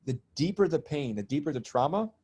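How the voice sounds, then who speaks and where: Animated middle-aged man telling a story. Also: on the high side, a little fast, slightly rough. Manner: animated, swears casually, acts out quotes. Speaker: podcast guest, spiritual teacher. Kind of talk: casual storytelling chat.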